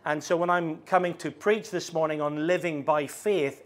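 Northern irish preacher guy, middle-aged, slightly high voice, slow and halting with lots of ums. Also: steady tone. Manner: slows down, halting with fillers. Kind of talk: sermon.

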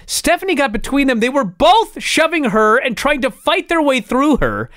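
A podcast co-host telling a wrestling story in casual chat, animated and full of swearing. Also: high voice, normal speed, dry recording, clean studio sound.

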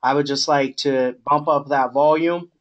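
A middle-aged man with a voice of ordinary pitch coaches a new sales agent. He talks in a relaxed, encouraging way, giving feedback with many pauses and fillers. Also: dull audio, a little hiss or hum. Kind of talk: coaching call.

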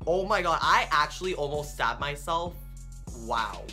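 A man's voice: on the high side, unhurried. Hyper, foul-mouthed young man vlogging. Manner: hyper, excitable and heavily profane. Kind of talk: casual unboxing vlog. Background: music.

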